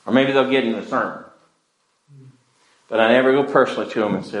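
Male pastor, mid pitch, pleading sermon delivery, roomy church echo. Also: quick pace, pauses often. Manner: earnest, pleading preaching with wide swings in loudness.

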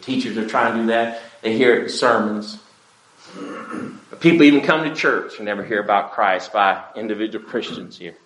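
A man's voice: fairly low pitch, moderate pace, roomy sound, rough recording. A pastor preaching an earnest, pleading sermon to his church. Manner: earnest, pleading preaching with wide swings in loudness.

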